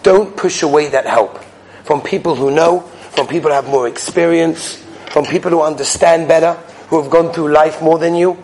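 A man's voice: fairly high pitch, moderate pace, darkish tone, slight background noise. A man giving a sermon, telling stories and acting out the people in them, with Hebrew and Yiddish terms mixed in. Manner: storytelling, acts out the people in his stories. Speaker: rabbi giving a weekly Torah talk.

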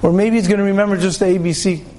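A man with a high voice delivers a sermon as a lively story. He tells it in an animated way and voices the people in it. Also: very fast. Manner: animated storyteller, voices characters with pitch jumps. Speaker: rabbi giving a Torah talk.

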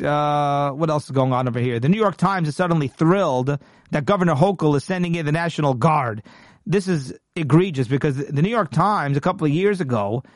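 A man's voice: a little high, no echo, clean studio sound. A man hosting a political commentary show, talking emphatically and indignantly and often restarting his sentences.

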